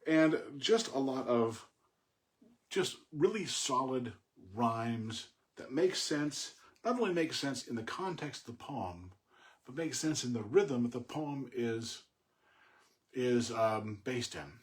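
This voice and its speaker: A middle-aged man talking casually about a poem he admires, thoughtful and halting, with many fillers and restarts. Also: medium pitch, expressive. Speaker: poet discussing a poem. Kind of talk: casual spoken commentary on poetry.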